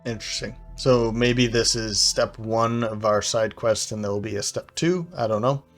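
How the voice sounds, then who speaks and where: A man's voice: lowish voice, faint music behind. A man playing a video game and talking through his choices, hesitant and full of small restarts and fillers. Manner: hesitant, fills pauses with "uh". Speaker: game commentator. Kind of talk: thinking-aloud gameplay commentary.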